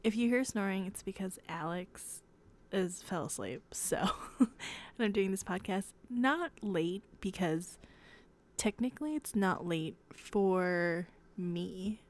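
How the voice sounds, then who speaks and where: A young woman hosting her own podcast at home at night in a hushed, half-whispered voice, rambling and giggly and correcting herself as she chats casually. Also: medium pitch, slow pace. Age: young adult. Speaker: podcast host.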